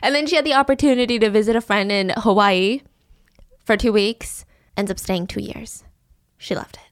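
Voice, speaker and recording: A woman telling a funny story in a casual, animated, giggly way. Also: mid-range voice, normal speed, no room sound, studio quality. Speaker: podcast storyteller.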